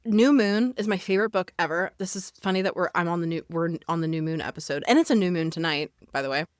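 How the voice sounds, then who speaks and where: A woman's voice: lowish voice, quick pace, clear, resonant tone, dry recording, studio quality. A woman guesting on a book podcast, gushing emphatically and swearing freely. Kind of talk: casual chat.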